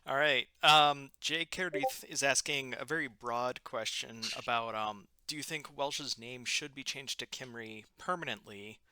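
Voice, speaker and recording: Very bright dry-sounding man. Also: mid-range voice, measured pace, hardly any pauses, clear, resonant tone, dry recording. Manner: relaxed, reads questions from the chat. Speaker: server host. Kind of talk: moderating a live Q&A.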